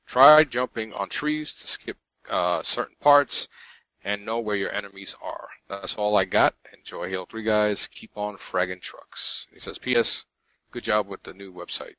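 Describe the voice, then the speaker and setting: A man with a fairly low voice that still comes across bright and forceful, recorded dry and close. He co-hosts a casual gaming podcast, reads listener messages aloud and tells animated stories, laughing often. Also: unhurried, no echo, low-quality recording. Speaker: podcast co-host reading listener mail.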